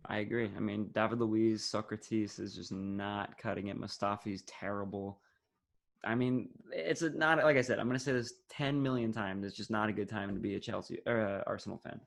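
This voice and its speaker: A man's voice: lowish voice, normal speed, gravelly. A teenage young man co-hosting a casual sports podcast over a video call, running a quiz and teasing his friends. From United States. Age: teens. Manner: teasing, upbeat, runs the quiz. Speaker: podcast co-host and quizmaster.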